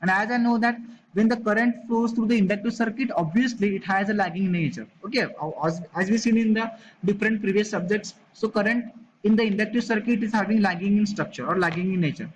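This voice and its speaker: A man's voice: high voice, fast, highs cut off, slight background noise. A man with a Marathi accent teaching an engineering class, explaining step by step and often repeating "okay" and "as I said earlier". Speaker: engineering lecturer. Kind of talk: classroom lecture on electrical machines.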